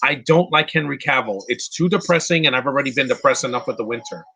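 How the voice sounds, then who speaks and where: A man's voice: mid-range voice, fast talker, vocal fry, sharp tone, husky. A man giving casual live commentary on a movie, answering chat questions bluntly with frequent restarts and fillers. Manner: opinionated, blunt, insulting.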